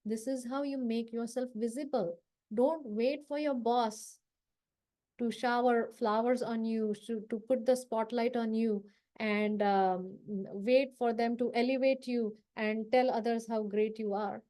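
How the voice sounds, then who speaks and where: A woman's voice: a little high, steady tone, unhurried, mellow. A woman trainer giving a live confidence workshop, talking casually and checking in with her audience as she acts out short workplace lines. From South Asia. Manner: coaching, conversational, asks the audience for agreement.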